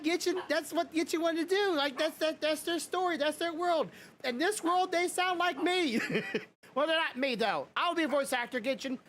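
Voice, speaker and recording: Chatty podcast host with faint hiss. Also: male voice, very high-pitched, fairly bright tone. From Louisiana and Mississippi, USA. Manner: rambling, laughs often between points. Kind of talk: casual podcast chat.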